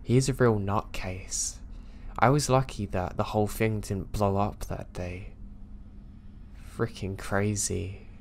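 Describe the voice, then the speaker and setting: A man narrating true scary stories in a steady, low-key storytelling voice. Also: slow pace, a little hiss or hum. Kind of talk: scripted narration of listener stories.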